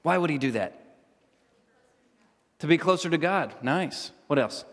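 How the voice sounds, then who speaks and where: Animated man teaching in an echoey church hall. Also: a little high, unhurried. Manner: animated, jokey, asks the group questions. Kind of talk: interactive Bible lesson.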